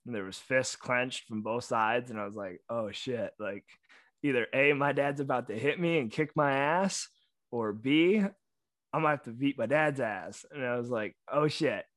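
Man, co-host, blunt excitable storyteller, swears a lot, dry close sound. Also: medium pitch, moderate pace, dry recording. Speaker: podcast co-host. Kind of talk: casual chat.

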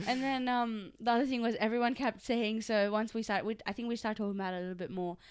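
A woman's voice: fairly high pitch, fairly even intonation, fast, noisy background. A young woman co-hosting a podcast, chatting casually, laughing often and jumping in to argue playfully with her partner. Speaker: podcast co-host. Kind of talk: casual chat.

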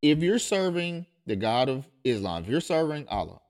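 Man, pastor, podcast host, impassioned monologue, emphatic, insistent, restarts phrases, medium pitch. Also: sing-song, moderate pace, a little mellow.

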